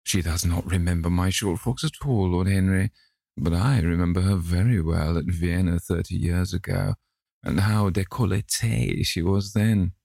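A man's voice: low-pitched, normal speed, creaky, dark tone, no echo, clean studio sound. A man voicing a chatty, scolding elderly society hostess in an audiobook reading, with exclaiming, indignant lines.

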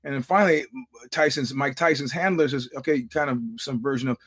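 A man's voice: medium pitch, brisk, fairly bright tone, slightly rough. Middle-aged guy doing a podcast monologue, swears a lot, keeps restarting sentences, plain mid voice. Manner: rambling storyteller, profane, many restarts. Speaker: podcast host. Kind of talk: casual monologue.

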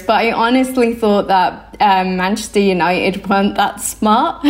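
A woman's voice: medium pitch, unhurried, few pauses. A young woman, a football analyst guest, talking casually in an interview, thoughtful and hesitant with frequent ums. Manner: thoughtful, many ums, laughs easily.

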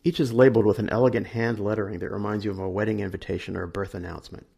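A man reading a short story aloud in a dry, measured second-person narration. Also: on the low side, steady tone, gravelly, mellow, breathy edge, lo-fi sound. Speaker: story reader.

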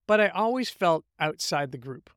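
Middle-aged male guest, fairly high voice, animated storyteller, dry sound. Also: normal speed, no echo. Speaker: interview guest, writer. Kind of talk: conversational interview.

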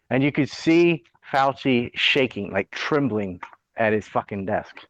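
A man's voice: mid-range voice, lively intonation, measured pace, fairly bright tone, dry recording, lo-fi sound. A man hosting a podcast, ranting bluntly and sarcastically with plenty of swearing in casual political chat. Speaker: podcast host.

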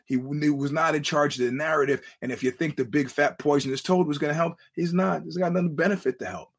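A man's voice: fairly high pitch, fairly even intonation, fast talker, slightly rough. A middle-aged man hosting a podcast, telling digressive, blunt stories with frequent restarts. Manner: blunt and profane. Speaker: podcast host. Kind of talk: casual rambling monologue.

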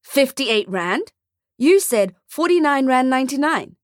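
A woman's voice: high-pitched, animated, measured pace, no echo, pitched above the performer's own voice. A woman reads as a worn-out father dragged along on a shopping trip, tired and easily exasperated. The voice sits a little above the narration and sounds close and dry. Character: exhausted young father, reluctant and grumbling.

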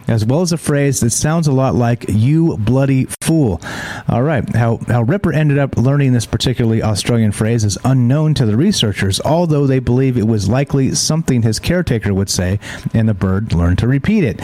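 Guy hosting a stream show, dark mellow voice, reads news out and rambles between bits. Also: mid-range voice. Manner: rambling, reads articles aloud with asides. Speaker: show host. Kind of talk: casual live-stream news chat.

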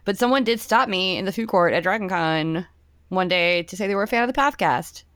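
A woman's voice: lowish voice, a little fast, fairly bright tone, no echo. A woman co-hosting a podcast in casual chat, chatty and laughing often as she acts out quotes. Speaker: podcast co-host.

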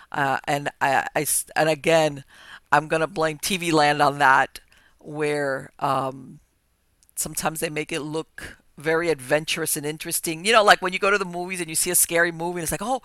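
A woman hosting a podcast interview, talking at length in a lively, chatty way with frequent restarts. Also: deep voice, creaky, no echo. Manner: talkative, lively, restarts often. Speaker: podcast host. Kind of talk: casual interview chat.

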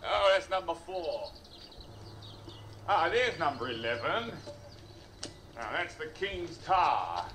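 Fussy english guy listing the sights, high voice, jumps all over. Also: very animated, slow, long pauses, pushed and bright, slight background noise, exaggerated voice. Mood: lecturing. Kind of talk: naturalistic film acting.

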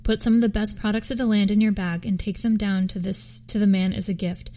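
A woman reading scripture aloud for a podcast, steady with occasional slips and restarts. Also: mid-range voice, a little fast. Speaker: podcast reader.

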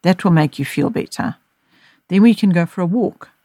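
A woman reading as a gentle soothing mother. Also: fairly low pitch, moderate pace, no echo, studio quality, natural voice. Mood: reassuring. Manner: soft, soothing, reassuring. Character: gentle, caring mother soothing her daughter.

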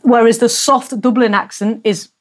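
An English woman hosting a podcast interview, lively and quick to react. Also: a little high. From England. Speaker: podcast host.

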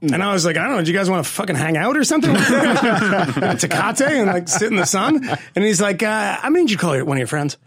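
A man co-hosting a podcast, telling a story in a lively, casual way with frequent laughs and swearing. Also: high-pitched, a little fast, husky, no echo. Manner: animated storytelling with laughs and profanity. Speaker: podcast co-host. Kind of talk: casual chat.

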